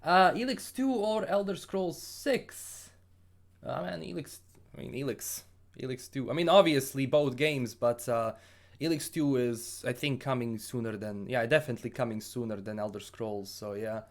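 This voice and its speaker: A man's voice: medium pitch, moderate pace. A man from Bosnia with a Bosnian accent, hosting a casual gaming livestream and answering viewer questions in an upbeat, rambling way with frequent restarts.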